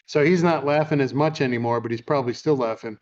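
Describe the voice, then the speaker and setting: A man's voice: mid-range voice, fast, darkish tone, highs cut off. A man hosting a podcast, telling amused stories in a casual chat and retelling a film. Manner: chatty, amused storyteller. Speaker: podcast host.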